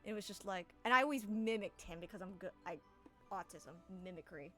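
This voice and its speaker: A woman narrating a tabletop game as game master, casual and quick to laugh at herself. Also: medium pitch, sharp tone, soft background music. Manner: laughing, self-deprecating, casual.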